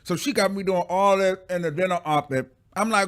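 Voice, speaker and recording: Sassy, animated male commentary host. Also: high-pitched, brisk, hardly any pauses. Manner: animated and sassy, stretching out words for effect; laughs often while talking. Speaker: host of a pop-culture commentary show. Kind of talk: casual chatty commentary.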